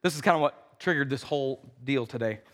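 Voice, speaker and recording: A pastor preaching a conversational sermon in a church, acting out the quotes in voices. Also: male voice, mid-range voice, brisk, a bit bright. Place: church sanctuary. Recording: reverberant church hall.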